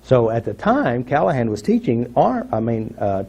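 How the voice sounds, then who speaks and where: A man's voice: medium pitch, big pitch swings, normal speed, mellow, breathy edge, dull audio. A man telling a personal story to an audience, acting out what people said and asking the audience questions. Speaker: workshop speaker.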